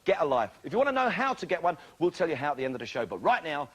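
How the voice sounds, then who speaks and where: A man's voice: fairly high pitch, very animated, very fast, slightly rough. A man hosting a live television game show, bantering cheekily with contestants in a studio with an audience. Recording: loud studio audience and noise.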